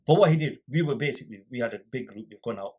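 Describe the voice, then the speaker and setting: A man's voice: medium pitch, racing, breathy edge, dull audio. A man guest on a podcast, casually telling a story and acting out the people in it. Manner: animated storyteller acting out quoted exchanges.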